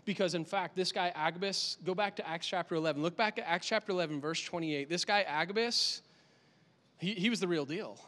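A male pastor giving an animated, conversational sermon in a church, with lots of repetition for emphasis. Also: high-pitched, fairly quick. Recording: long hall reverb.

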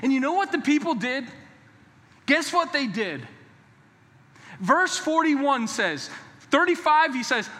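A man with a high, bright voice preaches a sermon in a church sanctuary. He is emphatic and conversational, and at times his delivery drops to a hushed, earnest tone. Long hall reverb trails each phrase. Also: big pitch swings, takes it slowly, long pauses. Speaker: pastor.

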